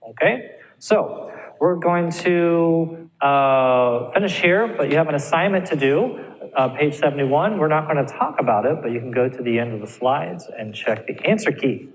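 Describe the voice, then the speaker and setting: A man's voice: a little high, lively intonation, normal speed, in a large hall, slight background noise, rough recording. A man teaching English pronunciation in a recorded lecture, patiently repeating words to model each sound.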